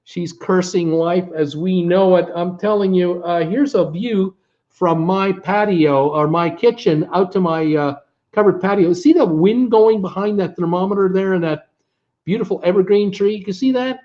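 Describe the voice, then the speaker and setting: A man's voice: high voice, moderate pace, darkish tone, dull audio. A middle-aged Canadian man hosting a casual live travel vlog, folksy and exasperated, with lots of filler words. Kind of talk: casual live-stream chat.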